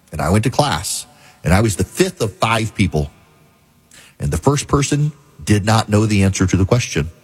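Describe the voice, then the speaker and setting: A middle-aged man hosting a talk show, telling a story in a measured, deliberate way with dry asides. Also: medium pitch, husky. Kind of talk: storytelling monologue.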